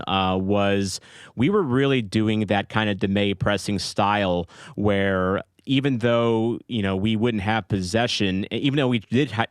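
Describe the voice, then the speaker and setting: A low-voiced man breaks down a soccer match for podcast listeners, walking through each play with eager detail. His voice sounds dry and close, with little room sound. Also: clear, resonant tone, no room sound. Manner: enthusiastic play-by-play recap, many fillers. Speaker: podcast co-host. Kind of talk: casual sports podcast chat.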